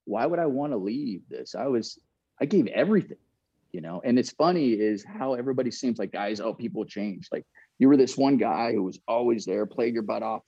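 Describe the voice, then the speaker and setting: A man's voice: medium pitch, dark tone, breathy edge, dry recording, highs cut off. An earnest man in middle age, a former pro ball player telling a candid story, often repeating and restarting his phrases.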